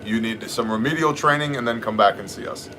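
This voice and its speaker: A man in middle age hosts a live stream with a bright, forceful voice. He talks in a blunt, joking, rambling way, with faint noise in the background. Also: medium pitch, fairly quick. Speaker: livestream host answering chat questions. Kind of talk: casual live chat.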